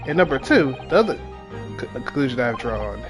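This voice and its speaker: A man's voice: mid-range voice, sing-song, moderate pace, music in the background, pitched below the performer's own voice, lightly acted. A man reading as a pompous eccentric detective. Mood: grandiose. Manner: grandiose, theatrical, reading dialogue aloud with stumbles. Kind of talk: reading game dialogue aloud.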